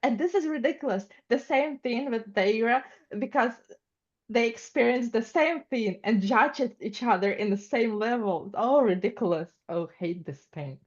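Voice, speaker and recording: A woman's voice: on the high side, moderate pace, a little mellow. A woman with a Ukrainian accent, a non-native English speaker, talking earnestly as a student in a class discussion and searching for words as she goes. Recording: dull lo-fi recording.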